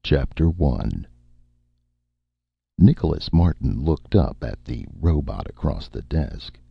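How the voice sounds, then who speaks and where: Very deep gravelly male narrator. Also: big pitch swings, takes it slowly, no room sound. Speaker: audiobook reader. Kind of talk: scripted narration. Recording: muffled lo-fi recording.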